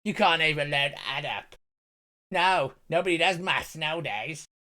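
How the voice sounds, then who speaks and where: A man's voice: a little high, moderate pace, sharp tone. A man voicing a grumpy old male clown who grumbles and scolds. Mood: grumbling.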